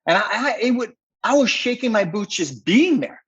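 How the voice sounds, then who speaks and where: A man with a husky, slightly rough voice tells a story as a podcast guest. He is excited and rambling, with fillers scattered throughout. The recording sounds a little dull and muffled. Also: sits high, normal speed. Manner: excited, rambling, heavy use of "like". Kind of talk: animated storytelling in conversation.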